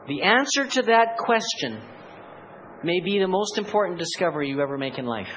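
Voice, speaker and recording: A man preaching a sermon in a high-pitched voice, firing off rhetorical questions and slipping into dramatic voiced asides to make his point. A faint hiss of noise sits behind him. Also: expressive, normal speed, fairly bright tone, low-quality recording. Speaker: pastor.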